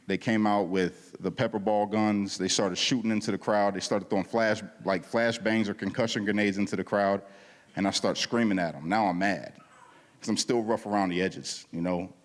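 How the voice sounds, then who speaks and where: A man with a fairly low voice tells his testimony from the front of a church, loose and slangy, jumping into the voices of the people in his story. His words ring out with a long reverb in the hall. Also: moderate pace. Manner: animated storytelling, acting out quoted dialogue; casual, slangy. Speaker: guest speaker at a church service. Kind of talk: testimony talk.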